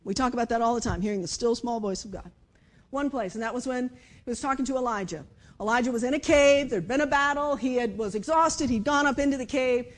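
A woman preaching a conversational sermon, moving between lively emphasis and hushed, quiet passages. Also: fairly high pitch, brisk. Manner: conversational, with dramatic shifts between loud and hushed speech. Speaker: speaker giving a devotional message.

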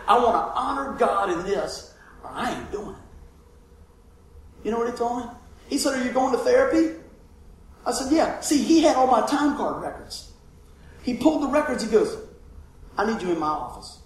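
A man preaching a sermon, telling a personal story in a folksy, animated way. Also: sits high, slight background noise. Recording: echoey room from far off.

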